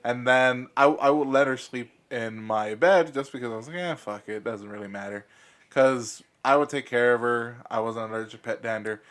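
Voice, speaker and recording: A man's voice: mid-range voice, steady tone, normal speed, few pauses, fairly bright tone. A young man hosting a podcast, blunt and laughing easily, swearing often. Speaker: podcast host. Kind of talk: casual chat.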